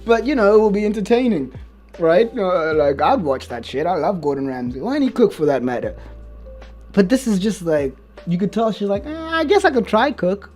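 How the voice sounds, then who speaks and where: A man giving casual, mocking reaction commentary as he recaps a show, chatty and quick to laugh. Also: high voice, animated, darkish tone, faint music behind.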